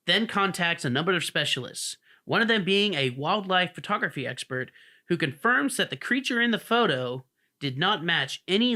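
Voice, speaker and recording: A man's voice: fairly high pitch, pushed and bright. A man co-hosting a podcast, telling a story in casual chat and acting out the people in it. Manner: rambling storyteller who acts out the people in his story. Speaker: podcast co-host.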